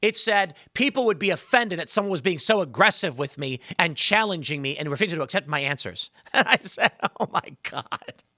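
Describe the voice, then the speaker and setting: A male podcast host in an animated, sarcastic monologue, his pitch leaping up and down as he acts out both sides of an argument. His voice is bright and forceful, and the sound is dry and close. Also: brisk, few pauses, no room sound.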